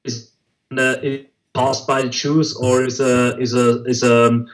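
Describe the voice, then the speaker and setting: A man answering an interviewer's questions, halting and hesitant, with frequent fillers and restarts. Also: mid-range voice, little pitch movement, low-quality recording. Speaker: interview guest.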